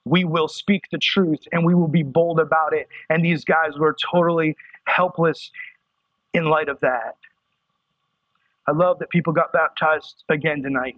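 High-voiced, husky preacher man with twang. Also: no echo. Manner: animated, rising to excited emphasis. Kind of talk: sermon. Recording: dry, dull muffled sound.

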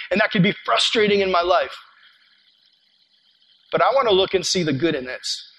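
A man with a notably high voice delivers a sermon as a pastor. He talks in an earnest, conversational way, like telling a story to friends. His voice sinks low and quiet when he makes a point. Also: lively intonation, moderate pace, long pauses, poor audio.

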